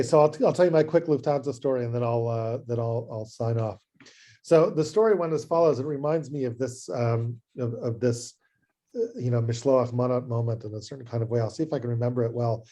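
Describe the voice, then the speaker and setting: A man, a rabbi, giving an adult education lecture over a video call and telling a story in a chatty, animated way with frequent restarts. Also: mid-range voice.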